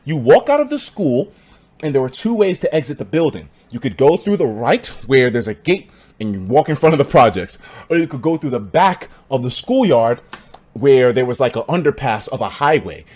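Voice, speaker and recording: A young man from the United States telling a story on a live stream in a casual, profane, animated way, laughing as he goes. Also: moderate pace. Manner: animated, profane, laughs between lines, breaks into loud high shouts.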